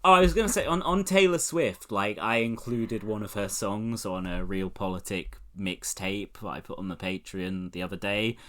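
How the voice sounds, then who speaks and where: A man's voice: fairly low pitch, normal speed, few pauses, fairly bright tone. A man from England hosting a podcast in casual chat, sweary and joking, laughing often. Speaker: podcast host.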